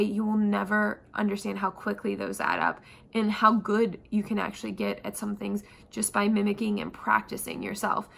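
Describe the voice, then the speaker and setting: A woman's voice: medium pitch, vocal fry, fairly bright tone. A young woman acting coach chatting casually to camera in an upbeat, self-assured way. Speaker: actor vlogger.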